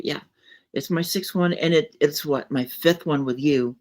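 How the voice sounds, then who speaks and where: A woman's voice: low voice, unhurried, a little mellow. A woman guest in casual chat, earnest and repeating words as she thinks. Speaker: co-author guest.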